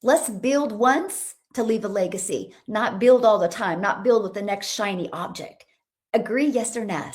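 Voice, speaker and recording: With upbeat enthusiasm, a middle-aged business coach livestreams, calling out to viewers and reading their comments. Her voice is mid-range and her pace moderate.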